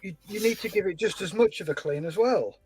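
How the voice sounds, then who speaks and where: Chatty guy, fairly high voice, telling stories while he works on a model kit. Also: a little fast, background noise. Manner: chatty storyteller, animated voices in anecdotes. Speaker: scale-model livestream host. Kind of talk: casual chat while building a model.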